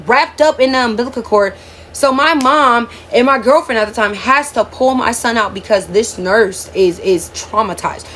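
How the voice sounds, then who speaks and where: A woman's voice: on the high side, fairly bright tone, a little hiss or hum. A woman in her twenties telling her life story to viewers in a casual storytime vlog, emotional and candid, often calling out "y'all.". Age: 20s.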